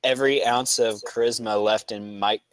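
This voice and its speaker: A man reading game cards aloud flatly during casual voice chat with friends. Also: fairly low pitch, normal speed, clean tone, dry recording.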